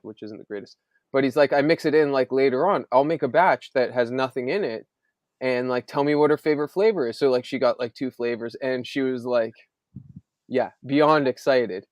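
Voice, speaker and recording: A man in his thirties, a podcast host, telling family stories in an animated, casual way with many fillers. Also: mid-range voice, dry recording. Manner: animated storyteller, frequent "like" fillers. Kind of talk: casual chat.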